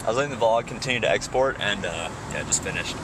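A man's voice: fairly low pitch, lively intonation, fast talker. A young man chatting casually to camera while driving, goofy and jokey. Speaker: vlogger. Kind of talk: casual vlog chat. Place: inside a moving car. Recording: car road noise.

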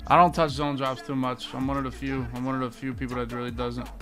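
A man's voice: medium pitch, level tone, quick pace, fairly bright tone, soft background music. A young man giving live, trash-talking commentary on his football video game, full of slang and sudden outbursts. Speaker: gaming streamer.

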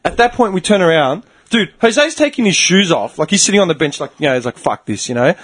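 A man with a high-pitched voice hosts a podcast, telling a long story at a quick pace in casual conversation. He is animated, swears, and acts out the people in his story.

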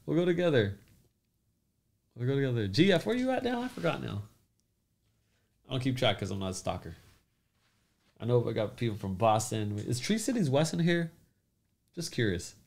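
A man hosts a live stream in a loose, joking chat, reading out and greeting commenters. His mid-pitched voice carries a noticeable gravelly creak. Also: big pitch swings, moderate pace, pauses often, a little mellow. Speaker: crypto livestream host.

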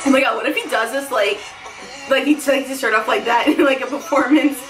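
A woman's voice: high voice, a little fast, over music. A woman vlogger giving a giddy, gushing reaction commentary, laughing often and crying out.

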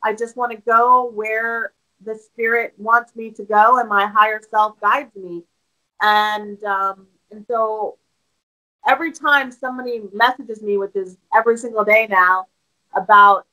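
Bright-voiced woman telling stories. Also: fairly high pitch, measured pace, rough recording. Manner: open, animated storytelling with many restarts. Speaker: podcaster and interview guest. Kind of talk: casual interview conversation.

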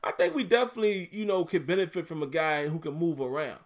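A man's voice: fairly high pitch, quick pace. Laid-back Southern man chatting on a livestream. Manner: laid-back, chatty, laughs often, repeats himself. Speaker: YouTube livestream host. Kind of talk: casual livestream chat reading viewer comments.

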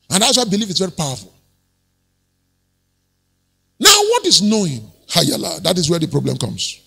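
A male pastor preaching an animated sermon, acting out quoted voices and chuckling often. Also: high-pitched, creaky, husky, long reverb tail.

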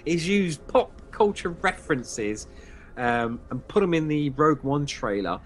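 A man's voice: fairly high pitch, lively intonation, a little slow. A man co-hosting a fan podcast, chatting enthusiastically, repeating himself with plenty of fillers. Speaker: podcast co-host. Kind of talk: casual podcast chat.

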